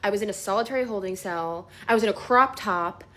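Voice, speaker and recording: A young woman telling a casual storytime vlog, chatty and animated, full of filler words, swearing and laughter. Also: medium pitch, quick pace.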